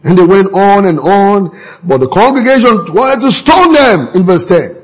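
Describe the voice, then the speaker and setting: Man, sermon, husky, lively rises and falls. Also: normal speed, low-quality recording. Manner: animated preaching, sudden jumps in pitch, repeated words for emphasis. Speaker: preacher.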